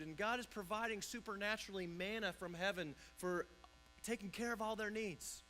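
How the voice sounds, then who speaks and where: A man's voice: sits high, normal speed, bright, forceful tone, slight background noise, low-quality recording. A man pastor preaching a conversational sermon in a church, often restarting and repeating words.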